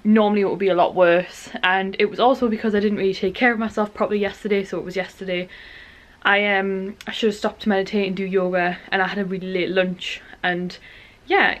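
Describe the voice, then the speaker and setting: A young woman chats to her viewers from home in a handheld vlog. She is bubbly and rambling, full of fillers, with a middling pitch. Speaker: vlogger. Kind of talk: casual vlog chat. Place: at home indoors.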